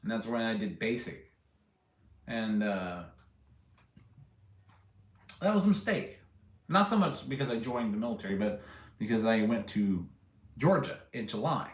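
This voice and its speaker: Chatting loosely with his livestream audience, this man jokes, rambles, and cracks himself up with his own tales. He speaks fairly low with lively intonation, unhurried and with long pauses, and the sound is reverberant.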